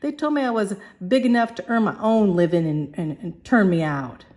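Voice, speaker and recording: A woman voicing a poor, defiant young flower girl who talks in a shrill, pleading, stubborn way. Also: normal speed, darkish tone, close to an everyday voice.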